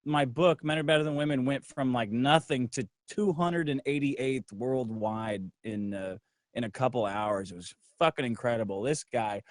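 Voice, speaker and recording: A man's voice: moderate pace, no room sound, studio quality. Brash, profane man telling a story. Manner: acts out others' lines in a low voice. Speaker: guest. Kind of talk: casual storytelling on a livestream.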